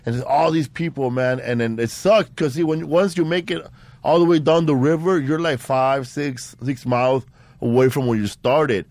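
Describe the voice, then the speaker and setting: A man's voice: mid-range voice, steady tone, moderate pace, darkish tone, dry recording. A man hosting a podcast in casual chat, rambling with repeated words and lots of "bro" and "man". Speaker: podcast host.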